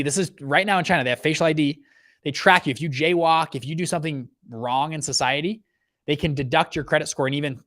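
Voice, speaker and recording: A man in his thirties, the host, giving a casual rant about economics, lively and full of restarts and acted quotes. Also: fairly high pitch. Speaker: host, fund manager.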